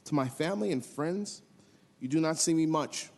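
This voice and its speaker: A city commissioner giving an earnest acceptance speech at a swearing-in ceremony, halting now and then with fillers and restarts. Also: male voice, fairly high pitch, darkish tone, big-room sound. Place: city hall chamber.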